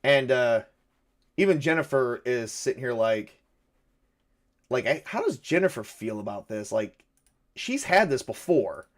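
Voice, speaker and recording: A man running and narrating a solo tabletop horror game. He thinks aloud as he plays, pausing often with fillers. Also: medium pitch, sing-song. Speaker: game master and solo player.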